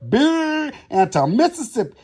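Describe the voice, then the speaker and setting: A man's voice: very high voice, big pitch swings, measured pace, a little mellow. A man in an angry, profanity-filled rant, hurling theatrical threats and insults in a social media video.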